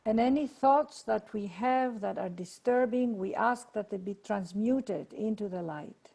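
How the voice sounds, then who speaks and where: A woman leading a guided meditation and prayer over a video call, speaking in a slow, soothing way. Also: medium pitch, creaky, warm tone. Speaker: workshop leader.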